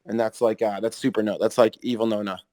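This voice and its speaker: A man hosting a podcast in casual chat, rambling and excitable, swearing freely. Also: fairly low pitch, fast talker, no echo. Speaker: podcast host.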